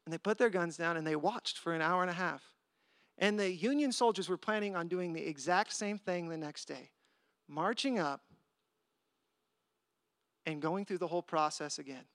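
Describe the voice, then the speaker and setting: A man preaching a sermon as a lively personal story, acting out the voices of the people in it. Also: fairly high pitch, moderate pace, pauses often, no room sound, clean studio sound. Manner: animated, acts out voices in his story. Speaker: pastor.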